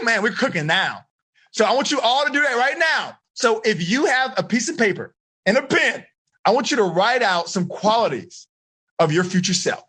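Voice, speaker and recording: A man running a live online coaching seminar for teens, talking in an energetic, slangy way straight to the kids. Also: high-pitched, slightly rough. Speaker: life coach.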